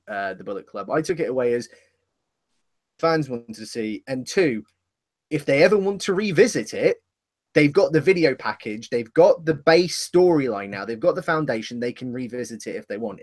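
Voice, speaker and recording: Lively man chatting about wrestling. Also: medium pitch, normal speed. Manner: rambling, corrects himself mid-sentence. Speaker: podcast co-host. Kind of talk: casual wrestling podcast chat.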